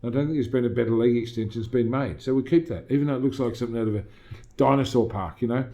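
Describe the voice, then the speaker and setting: Australian man, middle-aged, mellow tone, emphatic motivational interview talk. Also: mid-range voice, very fast, lo-fi sound. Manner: emphatic, motivational, quotes himself often. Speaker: gym owner, podcast guest. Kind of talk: casual interview chat.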